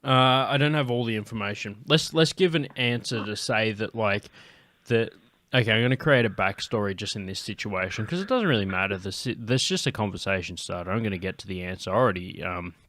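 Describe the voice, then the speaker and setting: A man's voice: on the low side, fairly quick, a bit bright, dry recording. A young Australian man hosting a comedy podcast, chatting casually in a crude, rambling way with a lot of swearing. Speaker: podcast host.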